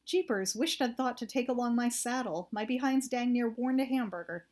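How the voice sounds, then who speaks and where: Woman doing an excitable folksy country lad. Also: on the high side, normal speed, lightly acted. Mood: cheerful. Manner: folksy drawl with country grammar. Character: excitable rustic young man, folksy and cheerful.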